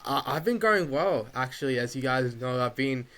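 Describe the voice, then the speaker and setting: An easygoing man chats as a returning podcast guest. His voice is bright and forceful, loose and friendly in tone. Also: mid-range voice, expressive, normal speed. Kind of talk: casual podcast chat.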